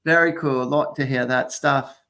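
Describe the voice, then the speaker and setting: A man's voice: mid-range voice, fairly even intonation, moderate pace, bright, forceful tone. A man hosting a psychic show, chatting casually and telling rambling stories with chuckles. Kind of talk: casual psychic readings chat.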